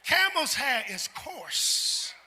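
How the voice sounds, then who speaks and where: A man preaching a sermon as pastor, talking with the congregation and building up to shouts. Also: very high-pitched, big pitch swings, very slow, husky. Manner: preacherly, call-and-response, climbs to shouts. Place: large church sanctuary. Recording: long hall reverb in a large sanctuary.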